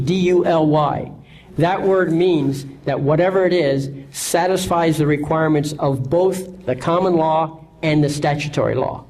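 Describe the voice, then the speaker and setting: A man's voice: on the high side, mellow, low-quality recording. A man giving an instructional talk in a confident, assured manner, often checking in with listeners. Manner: confident, repeats "okay?" to check in. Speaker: lecturer.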